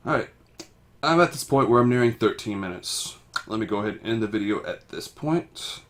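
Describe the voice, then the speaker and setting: Low-voiced man reading game text. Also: lively intonation. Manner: halting, stumbling reading, self-mocking asides. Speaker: amateur voice actor reading a game. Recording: faint music behind.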